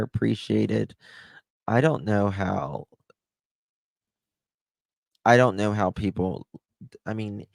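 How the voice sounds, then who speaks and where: Livestream host, a man, slow and rambling, with a dry, close sound and a low voice. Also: gravelly, no echo. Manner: rambling, chatty, fills with "uh" and "like". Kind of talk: casual livestream chat, thanking viewers.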